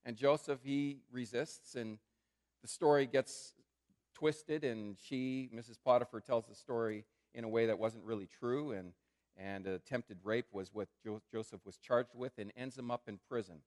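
A man preaching a sermon in a conversational way, calling his listeners friends and swinging between loud emphatic phrases and quiet, hushed asides. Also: medium pitch, moderate pace. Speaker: pastor.

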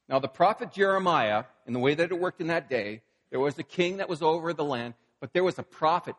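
Storytelling preacher man in a reverberant hall. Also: high voice. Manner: conversational storytelling, acting out scenes. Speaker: pastor. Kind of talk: sermon.

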